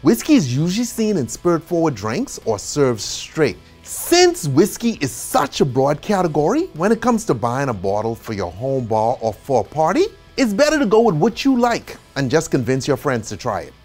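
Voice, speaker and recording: A man giving an instructional bartending lesson, chatty and animated, who often checks in with a quick "okay?" and adds joking asides. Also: a little high, faint music behind. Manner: casual and chatty, with asides and small laughs.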